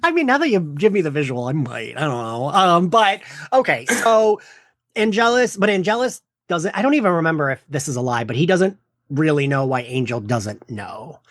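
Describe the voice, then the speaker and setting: Podcast cohost, bouncy up and down voice, lots of quick asides, very dry close sound. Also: mid-range voice, dry recording. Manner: animated, quick asides and self-interruptions. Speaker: podcast co-host. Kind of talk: casual chat.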